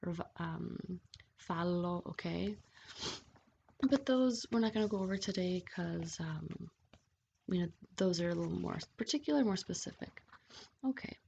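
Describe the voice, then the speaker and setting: A woman's voice: lowish voice, expressive, a little slow, creaky, long pauses, darkish tone. A woman teaching grammar over slides, patient and checking in often with "okay?". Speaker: Italian language teacher. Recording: dull lo-fi voice-over with faint hiss.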